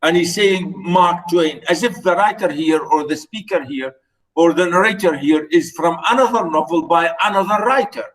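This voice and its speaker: A man whose first language is Arabic lecturing on literature, explaining slowly with repeated words and many fillers. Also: on the high side, fairly bright tone, far from the mic, low-quality recording. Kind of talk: recorded lecture.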